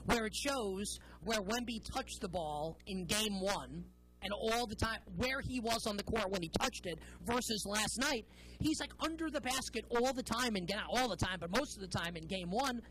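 Bright, opinionated woman sports host. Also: mid-range voice, animated, normal speed, poor audio. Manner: opinionated, sarcastic, emphatic. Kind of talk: sports talk monologue.

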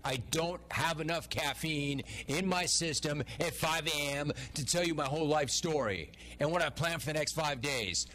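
A man's voice: a little high, moderate pace, hardly any pauses, pushed and bright. A man hosting a talk radio show, ranting through stories and listener complaints and acting out the dialogue himself. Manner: ranting storyteller, acts out dialogue.

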